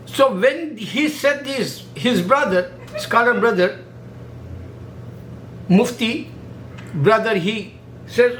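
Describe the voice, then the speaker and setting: A man speaking halting, repetitive in a casual monologue, full of fillers. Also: very high voice, lively intonation, a bit bright, a little hiss or hum, rough recording. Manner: halting, repetitive non-native English with many fillers. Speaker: religious video maker.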